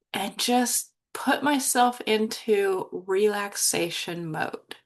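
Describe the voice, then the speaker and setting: A woman hosting her own podcast, telling a personal story in an emotional, reflective way, close to tears at times. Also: mid-range voice. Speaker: podcast host.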